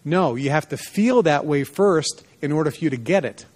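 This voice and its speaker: Before a live audience, a man with a fairly high voice and moderate pace delivers a motivational seminar. He tells personal stories with animation, performing the dialogue in them in a lively voice.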